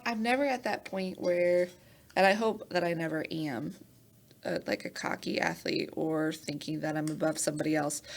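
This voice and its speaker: A young woman, a champion athlete, telling stories in a casual interview, animated and acting out quoted voices with laughter. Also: fairly low pitch. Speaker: Olympic hammer thrower, podcast guest.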